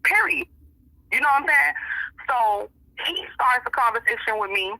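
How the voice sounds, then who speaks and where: A woman's voice: a little high, normal speed, sharp tone, no room sound, poor audio. A woman being interviewed, telling a story in casual, emphatic, profane talk and acting out what other people said. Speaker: interview guest.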